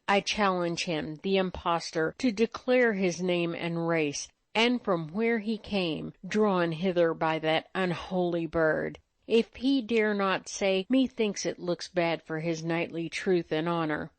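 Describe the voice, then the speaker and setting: A woman voicing a harsh, loud nobleman accusing a stranger in archaic speech, in a storybook reading. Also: high voice, slow, no room sound.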